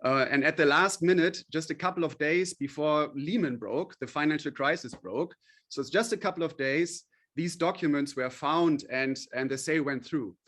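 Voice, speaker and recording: A man with a slightly high voice talks as a CEO guest on a radio interview. He explains things at length, pausing on fillers and restarting his sentences as he goes. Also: a bit bright. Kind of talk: podcast interview.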